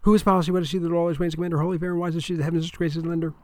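A man voicing a quick-witted teenage girl who is a star debater and speaks fast and crisply. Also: mid-range voice, very animated. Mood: rapid recitation. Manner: fast crisp recitation, sassy comebacks.

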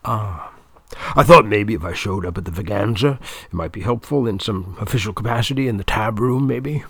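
A man's voice: on the low side, normal speed, gravelly, a bit bright, slightly rough, dry recording, heavily acted. A man voicing a disgraced male debate coach asking for work, hesitant and pleading.

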